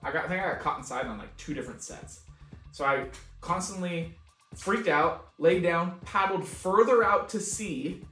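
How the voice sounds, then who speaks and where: At normal speed and in a high voice, a man co-hosting a podcast spins out a long, laid-back story full of laughter and free swearing, acting it out with animation. The audio sounds roomy and echoey, picked up by a distant mic with faint music behind.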